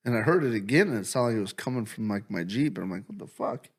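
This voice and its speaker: A man's voice: on the low side, animated, rapid-fire. A man co-hosting a casual comedy podcast, telling stories full of swearing and laughter and acting out what he said at the time. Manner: profane, laughing storyteller who acts out his own lines. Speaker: podcast co-host. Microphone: studio podcast mic.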